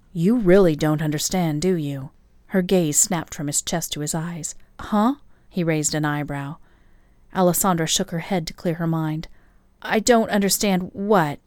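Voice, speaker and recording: A woman narrates a romance novel in a steady, measured read. Her voice sits on the lower side for a woman. The recording is dry and close, with no room sound. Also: dry recording. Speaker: audiobook narrator.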